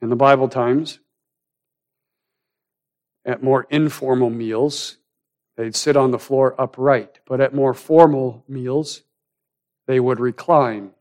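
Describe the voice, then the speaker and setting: A man preaching a sermon, swinging from loud, rising emphasis down to hushed, almost whispered lines. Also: medium pitch, steady tone, slow, pauses often. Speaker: pastor.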